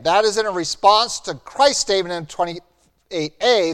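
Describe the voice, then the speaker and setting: A man preaching a sermon as pastor, earnest and building to animated emphasis. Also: sits high, unhurried, clear, resonant tone. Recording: long hall reverb.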